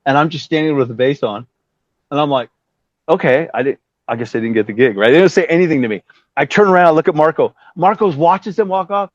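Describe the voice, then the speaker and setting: A middle-aged man from Southern California tells a story in a casual interview, fairly high-voiced and animated. He swears freely and jumps into other people's voices as he goes. The recording is dry and a little dull. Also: fast talker, no echo. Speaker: musician guest. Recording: slightly dull, dry sound.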